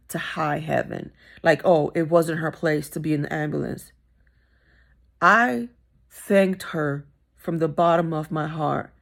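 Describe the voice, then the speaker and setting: A woman's voice: fairly low pitch, creaky. A middle-aged woman telling a personal story in a vlog, candid and emphatic, repeating phrases for stress. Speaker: vlogger.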